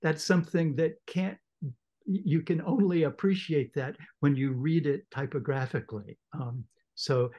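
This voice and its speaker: A man's voice: fairly high pitch, a little slow, highs cut off. A man in a book club discussion, reading a novel aloud with enthusiasm and expression.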